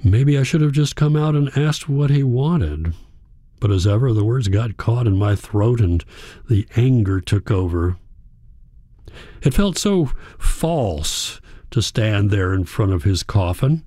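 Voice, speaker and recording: A man reading a novel aloud in a measured, reflective storytelling manner. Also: lowish voice, lively intonation, warm tone, no room sound, clean studio sound. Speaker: audiobook narrator. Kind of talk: scripted narration.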